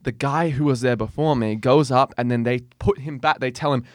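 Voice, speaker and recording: Man, casual podcast host, quick talker, dry close sound. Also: mid-range voice, dry recording. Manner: rambling storyteller, quick and jokey. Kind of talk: casual chat.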